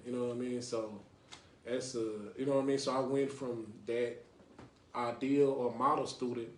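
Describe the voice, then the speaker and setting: A man's voice: medium pitch, darkish tone, reverberant, slight background noise. A man from North Dallas, hosting a casual podcast with call-ins and often saying "you know what I mean". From Lake Highlands, North Dallas, Texas. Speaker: podcast host.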